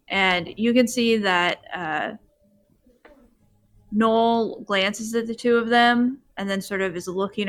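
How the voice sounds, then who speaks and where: A woman narrating a tabletop role-playing game as game master, relaxed with frequent filler pauses. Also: medium pitch. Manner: relaxed, many ums.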